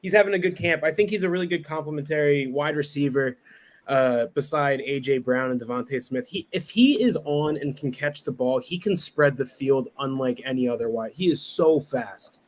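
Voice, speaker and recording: A man's voice: mid-range voice, moderate pace. A man on a sports podcast giving eager, hopeful analysis of a player. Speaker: podcast panelist. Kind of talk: casual sports podcast chat.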